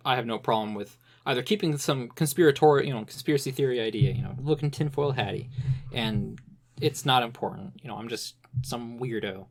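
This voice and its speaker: A man's voice: medium pitch, fairly quick. A young man talking casually on a podcast, rambling with many restarts and "you know" fillers. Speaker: podcast guest expert.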